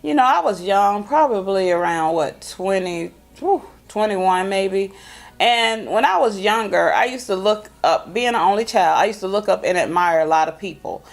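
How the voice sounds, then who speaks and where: Chatty woman with a gravelly voice. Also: medium pitch. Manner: chatty, folksy, drawn-out emphasis. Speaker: vlog host. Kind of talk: casual chat to camera.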